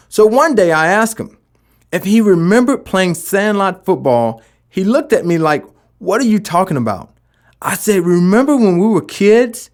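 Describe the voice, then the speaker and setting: A man giving a motivational talk about never giving up, with emphatic delivery and rhetorical questions. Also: high voice. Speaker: motivational speaker.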